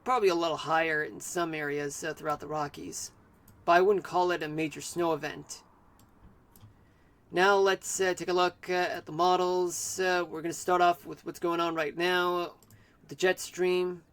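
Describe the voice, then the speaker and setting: A man streaming live, giving an amateur weather forecast in a halting way with many fillers and restarts. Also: a little high, fairly even intonation, a bit bright.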